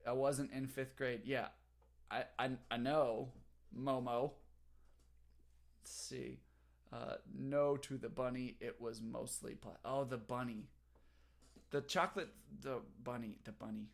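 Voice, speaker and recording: A man's voice: mid-range voice, fairly even intonation, takes it slowly, creaky, pauses often. A young man, a teacher, chatting casually on a livestream from home, reading the chat aloud and talking while he eats.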